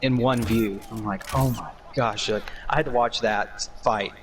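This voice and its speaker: A man's voice: on the low side, steady tone, moderate pace, background noise. Earnest man explaining his craft. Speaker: guest, game commentator. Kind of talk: casual podcast chat.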